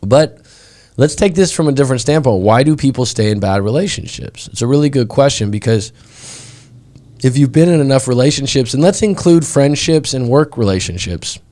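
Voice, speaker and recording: A man's voice: medium pitch, expressive, a little fast, mellow. A man hosting a live stream as a breakup coach, talking in a chatty way and often asking "right?". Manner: chatty, frequently asks "right?".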